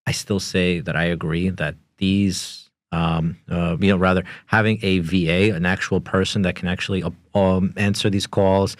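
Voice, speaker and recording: Podcast host guy, deep voice, lots of ums and you knows, dry sound. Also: level tone, moderate pace, few pauses, no room sound. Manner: loose, with many um, uh and you know fillers. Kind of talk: casual interview talk.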